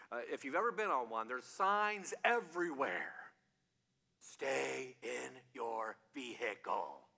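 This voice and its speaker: A man's voice: a little high, pushed and bright. A man preaching a conversational sermon, repeating key phrases and asking the audience rhetorical questions. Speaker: pastor. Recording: long hall reverb.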